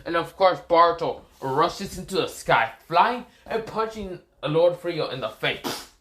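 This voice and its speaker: Rambling, animated male storyteller. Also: on the high side, a little slow. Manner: rambling, self-correcting, many fillers. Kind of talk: casual improvised fan story narration.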